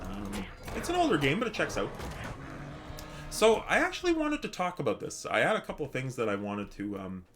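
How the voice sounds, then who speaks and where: A man's voice: mid-range voice, wildly swooping pitch, a little fast, faint music behind. Rambling man chatting on a game stream. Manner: rambling, hesitant, many restarts; chatty with viewers, reads chat aloud. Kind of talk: casual live-stream chat.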